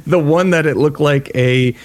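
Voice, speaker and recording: A man's voice: fairly high pitch, moderate pace, a little hiss or hum. A man co-hosting a casual gaming podcast, chatty and nostalgic, rambling through stories. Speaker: podcast co-host. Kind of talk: casual chat.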